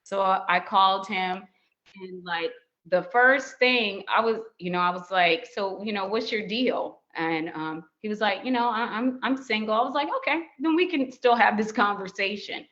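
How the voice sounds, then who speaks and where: A woman's voice: normal speed, dull audio. A middle-aged woman, a podcast guest, telling a casual story and acting out the quoted dialogue in a raised voice. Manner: animated, acts out quoted dialogue in higher voices.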